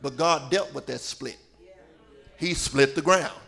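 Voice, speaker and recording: High, gravelly preacher man shouting. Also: slow pace. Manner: shouts and half-sings lines, calls on the congregation. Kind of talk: sermon.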